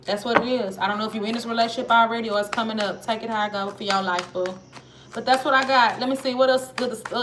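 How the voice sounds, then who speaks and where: A woman with a Southern accent giving a casual tarot reading, chatty and slangy, talking straight to her viewers. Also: a little high. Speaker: tarot reader. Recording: noisy with clicks.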